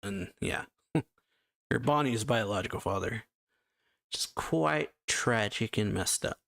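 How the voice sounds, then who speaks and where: A man's voice: lowish voice, expressive, slow, vocal fry, a bit bright. A man hosting a reaction video, casually chatting and reading aloud, loose with fillers like "so yeah". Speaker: anime reaction host. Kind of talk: casual chat summarizing and reading a manga chapter.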